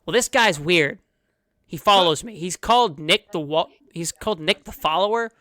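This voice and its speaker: A game master voicing a young, excitable male frog villager who greets newcomers in a friendly, rambling way. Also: medium pitch, moderate pace, no echo, natural voice. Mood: eager.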